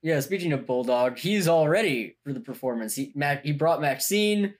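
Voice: mid-range voice, animated. Podcast co-host, casual recap, laughs easily, eager. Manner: quick to laugh, eager agreement. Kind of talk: casual chat recapping a TV episode.

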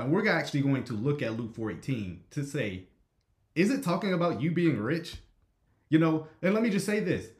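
Chatty male host in a roomy space. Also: medium pitch. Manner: conversational, frequent "right?" checks, reads chat. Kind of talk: live stream commentary.

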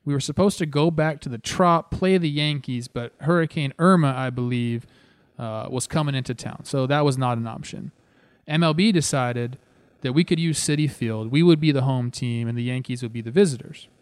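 A man in his thirties tells a story about his playing days over game footage, animated and ready to poke fun at himself. His voice sits in the middle range for a man. The sound is close and dry, with no room around it. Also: mid-range voice, moderate pace, clear, resonant tone, no echo. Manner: animated, self-deprecating, chatty. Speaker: host, former pro baseball player.

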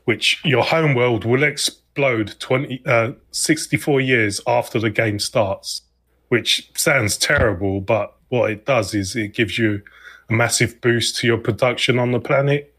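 A man co-hosting a gaming podcast in a casual chat, speaking in an easygoing, halting way with frequent ums. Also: medium pitch, fairly bright tone. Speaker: podcast co-host.

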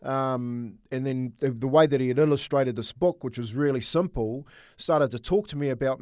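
A middle-aged man, a former coach, telling a personal story in casual sports chat with earnest, halting repeats. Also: mid-range voice, darkish tone, no room sound, clean studio sound. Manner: earnest, storytelling, repeats words while thinking. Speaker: former rugby league coach, co-host.

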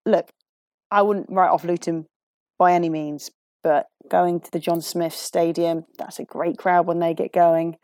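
A woman talks through football matches as a pundit, chatty and opinionated, often sighing and restarting her thoughts. Her voice sits fairly low. The recording is dry and close. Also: warm tone, dry recording. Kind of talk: casual studio punditry.

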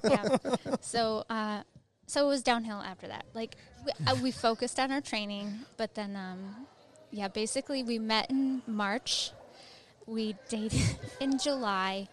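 A woman's voice: on the high side, a little slow. A woman in her thirties, an Army veteran, chatting casually as an interview guest and filling her talk with "like" and "um". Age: 30s. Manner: chatty, many fillers of "like" and "um".

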